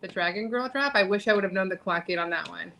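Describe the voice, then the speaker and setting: A woman's voice: medium pitch, fast talker, vocal fry. Friendly woman with chatter behind. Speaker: parent. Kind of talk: casual chat.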